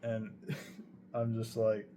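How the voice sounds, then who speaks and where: A man's voice: on the low side, completely flat delivery, very slow, warm tone, slight background noise. A young man casually telling a true story, rambling and swearing heavily as he goes. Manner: profane, rambling, heavy swearing.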